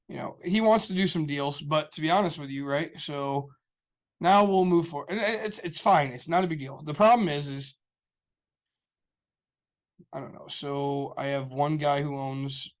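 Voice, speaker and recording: A man co-hosting a podcast, rambling through a story in casual chat and acting out the people he quotes. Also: mid-range voice. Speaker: podcast co-host.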